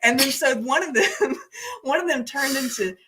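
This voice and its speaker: A woman hosts a casual livestream and tells a story with animated energy, often breaking into laughter. Her voice is bright and forceful. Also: sits high, normal speed. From United States. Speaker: host.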